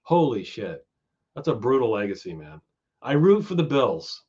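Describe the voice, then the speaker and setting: A man's voice: mid-range voice, big pitch swings, moderate pace, darkish tone. A man hosting a loose, profane live stream, riffing with his chat and drifting from topic to topic. His voice swings widely up and down as he talks. The audio is dull and lo-fi, like a home stream. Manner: chatty, swears freely, goes off on tangents. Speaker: stream host.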